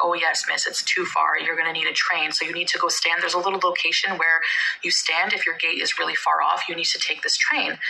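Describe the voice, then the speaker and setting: A woman's voice: lowish voice, creaky, pushed and bright, slight background noise, rough recording. A woman telling a travel story in a casual vlog, rambling with many fillers and restarts. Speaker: vlogger.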